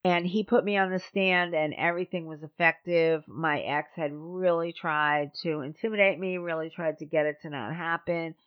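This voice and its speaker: A woman hosting a podcast, telling a personal story in a blunt, sardonic, animated way. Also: deep voice, moderate pace, few pauses, clear, resonant tone, dull audio. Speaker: podcast host.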